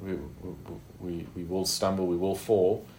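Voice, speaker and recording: A man with a low voice teaches scripture in a relaxed, conversational way, often asking "isn't he?" and "okay?". He is recorded in an echoey room with faint background ambience. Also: measured pace, background noise. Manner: conversational, with frequent fillers and tag questions. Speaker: Bible teacher. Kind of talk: informal Bible study teaching.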